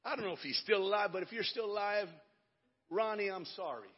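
Man, pastor, sermon, raspy voice, hushed then shouting, lively pitch, echoey church. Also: brisk. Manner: swings from hushed storytelling to shouted preaching. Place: church sanctuary. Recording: dull lo-fi audio with long hall reverb.

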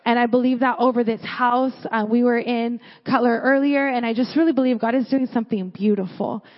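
A woman's voice: on the high side, steady tone, a little fast. A young woman from California giving a sermon at church, telling stories in a casual way full of "like". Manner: casual storytelling with many "like" fillers. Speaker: church speaker. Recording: echoey hall, dull lo-fi sound.

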